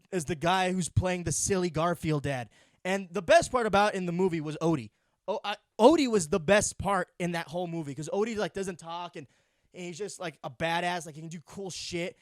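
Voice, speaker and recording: A man's voice: high-pitched, normal speed, dry recording, clean studio sound. A young man hosting a solo comedy podcast, rambling and swearing sarcastically while sleep deprived. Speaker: podcast host.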